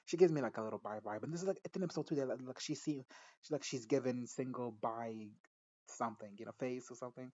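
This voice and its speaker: A man's voice: medium pitch, fast, dark tone, highs cut off. A man casually recapping a TV episode, rambling and swearing, often giggling and cutting himself off mid-sentence. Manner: rambling, profane, giggly, self-interrupting. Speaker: show recap reviewer.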